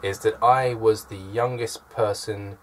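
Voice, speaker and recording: A man's voice: on the low side, fairly even intonation, a little slow, fairly bright tone, slight background noise. A man, chatting to camera from his room with dry, self-deprecating humour. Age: early 20s. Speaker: vlogger. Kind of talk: casual chat to camera.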